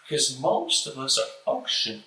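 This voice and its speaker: A man with a stutter reciting a spiritual lecture as the host, slow and deliberate, with pauses. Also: mid-range voice, sing-song, bright, forceful tone, roomy sound, low-quality recording.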